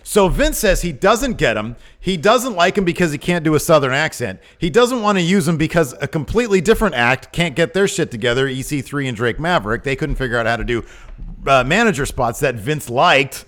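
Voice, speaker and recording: Animated, exasperated podcast co-host, man. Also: a little high, a little fast. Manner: animated, gets worked up and exasperated. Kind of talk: casual wrestling podcast chat.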